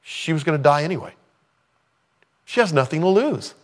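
A man's voice: on the high side, expressive, moderate pace, big-room sound. A man preaching a sermon in a conversational way, with playful acted-out asides. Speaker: pastor.

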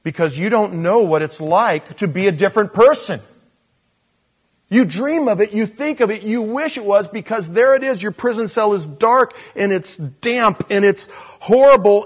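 A man preaching a sermon in an animated, self-deprecating way, chuckling and acting out voices when he quotes people. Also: high voice, moderate pace. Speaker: pastor.

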